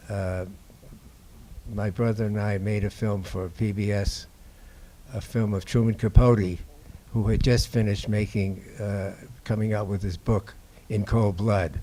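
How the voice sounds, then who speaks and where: An older man from Boston, a documentary filmmaker telling stories to an audience in a halting, unhurried way. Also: lowish voice, flat delivery, warm tone. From Boston, USA. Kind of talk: anecdotal talk to an audience. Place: indoor screening before an audience.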